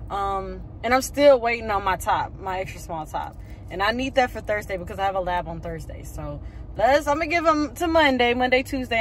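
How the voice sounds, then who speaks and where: Texas girl in her 20s chatting to her phone, kinda rambly, a little car noise. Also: medium pitch. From Houston, Texas. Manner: chatty, rambling, talks to viewers as y'all. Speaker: nursing student vlogger. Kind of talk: casual vlog chat to camera. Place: in a car and walking around campus. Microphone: phone camera.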